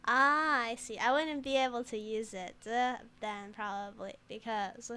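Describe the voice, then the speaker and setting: A woman's voice: a little high, fairly even intonation, measured pace, pushed and bright, smooth. A woman streamer chatting and giggling while reading game text aloud, in casual gameplay commentary.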